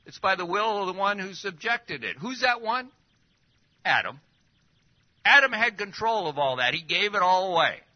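A man preaching a sermon, full of rhetorical questions and swinging between loud and hushed. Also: high voice, moderate pace. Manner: lively, rhetorical questions, drops to near-whispers. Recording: dull lo-fi recording.

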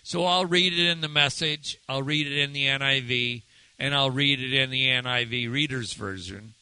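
Bright-voiced earnest male pastor preaching. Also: medium pitch, smooth, no echo, poor audio. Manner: earnest, measured, slows down to stress key phrases. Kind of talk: sermon.

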